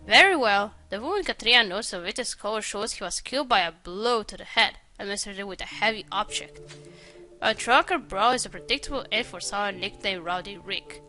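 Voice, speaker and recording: A woman's voice: medium pitch, expressive, fairly quick, bright, forceful tone, soft background music. Woman reading as a pedantic male medical examiner. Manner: read aloud from on-screen text.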